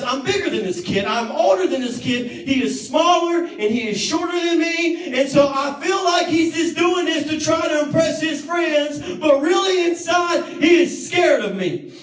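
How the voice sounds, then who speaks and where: A young man preaching to a youth group, telling a story in a lively, joking way and acting out the other voices. His voice sits high for a man. The sound is roomy and a little distant from the mic. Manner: animated, jokey, acts out quotes, banters with the crowd. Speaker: youth pastor. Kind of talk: storytelling sermon. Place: youth service room. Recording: echoey room, mic at a distance.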